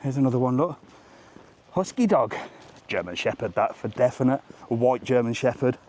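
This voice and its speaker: A man's voice: mid-range voice, quick pace, a little mellow, slight background noise. Chatty man vlogging while walking outdoors. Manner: chatty, rambling and jokey. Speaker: travel vlogger host. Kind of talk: casual live walking vlog. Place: outdoor seaside promenade.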